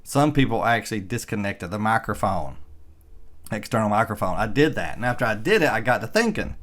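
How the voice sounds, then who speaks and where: A man's voice: lowish voice, sing-song, a little fast, a bit bright. Middle-aged guy rambling on his vlog, reading stuff out and tossing in sarcastic opinions. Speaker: EV vlogger. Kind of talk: casual commentary while reading an article aloud.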